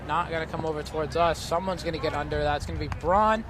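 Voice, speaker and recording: A man calling a high school baseball game play by play, chatty and self-joking, his voice rising with the plays. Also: fast. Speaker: play-by-play announcer. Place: outdoors at a ballfield. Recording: outdoor noise with passing traffic.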